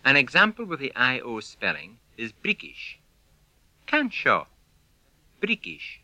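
A man teaching pronunciation in a slow, measured scripted lesson, demonstrating each sound. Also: medium pitch, huge pitch swings, bright, forceful tone, no room sound, rough recording. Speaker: language teacher.

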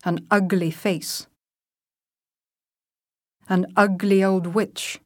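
A woman reads vocabulary drills aloud, one word at a time, with an extremely slow and measured pace. Every syllable is clearly enunciated, and the recording is dry and close with no room sound. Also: medium pitch, flat delivery, no room sound. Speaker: language teacher reading vocabulary.

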